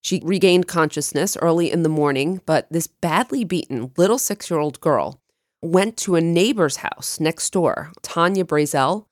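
A woman co-hosting a true crime podcast, chatting and narrating a case with lively jumps in pitch when excited. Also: normal speed, no echo, studio quality. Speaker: podcast co-host.

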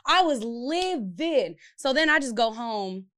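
A young woman co-hosting a podcast, telling a personal story in casual chat, animated and profane, with sudden shouted outbursts. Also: a little high, measured pace. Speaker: podcast co-host.

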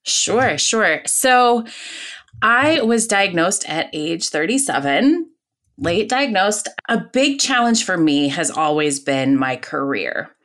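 Woman, forties, podcast guest, lower pitch, candid lively storytelling, chatty fillers. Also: slow pace. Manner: lively, candid, peppers talk with "right?" and "like". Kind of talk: casual personal storytelling.

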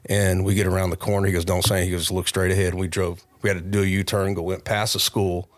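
A man, a podcast guest, telling a long casual anecdote with lots of restarts and animated asides. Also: deep voice, fast, no echo. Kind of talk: casual storytelling. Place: recording studio.

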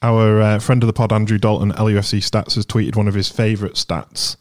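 A man on a fan podcast who eagerly reels off stats and tweets. His voice is low and he talks fast. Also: level tone. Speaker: podcast co-host. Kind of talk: casual fan podcast chat.

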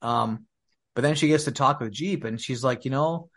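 Male podcast co-host, mid pitch, laid-back recap voice. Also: moderate pace, a bit bright. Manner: retells scenes quoting characters in his own voice. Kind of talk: casual movie recap chat.

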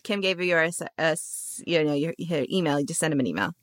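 A woman's voice: low voice, quick pace, dry recording. A woman hosting a casual podcast chat, chatty and laughing often. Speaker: podcast host.

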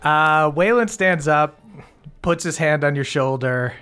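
A man narrating a tabletop game as game master, relaxed and full of fillers. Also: on the high side, unhurried, clean tone.

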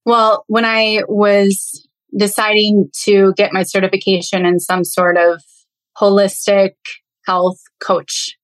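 A woman's voice: medium pitch, little pitch movement, slow pace, low-quality recording. A woman in her thirties, a health coach speaking as a podcast guest in an earnest, reflective way. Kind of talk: casual interview chat.

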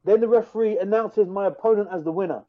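A man's voice: high voice, fast talker, phone-quality sound. Fired-up man retelling a fight. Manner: animated, fired-up retelling with many restarts. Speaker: fighter telling a story. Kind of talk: casual storytelling on a podcast.

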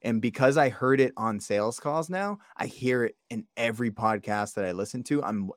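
A man co-hosting a sports podcast, talking in a relaxed, rambling way. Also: medium pitch, normal speed, no room sound, clean studio sound. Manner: relaxed, rambling, laughs easily. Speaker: podcast co-host. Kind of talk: casual chat.

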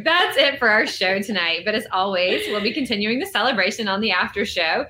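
A woman's voice: mid-range voice, lively intonation, fairly quick, few pauses, sharp tone, slight background noise. A woman host signing off an online book show over a video call, with an upbeat, announcing manner. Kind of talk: show sign-off.

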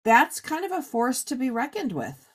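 A woman's voice: high voice, huge pitch swings, normal speed, slightly rough. Chatty, rambling woman in her fifties. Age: 50s. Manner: chatty, rambling, lots of fillers. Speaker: podcast host. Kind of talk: casual chat.

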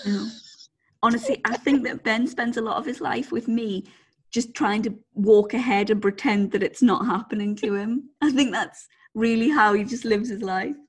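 Female co-host; chatty, self-deprecating, husky voice, slightly high. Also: normal speed. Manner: chatty, self-mocking, giggly. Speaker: podcast co-host. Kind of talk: casual chat.

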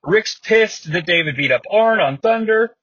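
Husky high-voiced man, wry, keeps laughing. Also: lively intonation, unhurried, a bit bright, dry recording. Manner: laughs often, wry, rambling asides. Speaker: podcast host. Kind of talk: comedic wrestling recap. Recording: dry, slightly muffled podcast mic.

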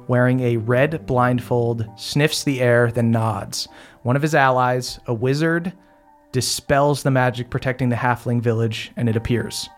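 Young male game master, casual narration with fillers, over soft music. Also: mid-range voice.

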